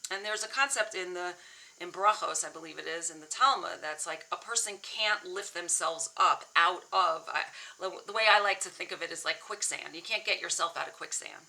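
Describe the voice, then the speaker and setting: Bright-voiced earnest woman therapist. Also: on the low side, a little fast, gravelly, rough recording. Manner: earnest, candid, with many restarts. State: emotional, near tears. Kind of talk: personal reflective talk.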